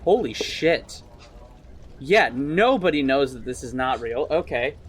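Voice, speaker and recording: A young man narrating as game master, with a loose, chatty delivery full of fillers and small asides. His voice sits at an ordinary middle pitch. A soft hiss of noise runs under the recording. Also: lively intonation, measured pace. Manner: casual, chatty, frequent laughs and fillers.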